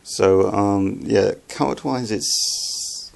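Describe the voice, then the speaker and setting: A young man with a low, gravelly voice talks through a film review in a loose, unscripted way. He stumbles, restarts and fills his pauses with ums as he talks. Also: steady tone, darkish tone. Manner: halting, many fillers and restarts. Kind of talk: casual spoken film review.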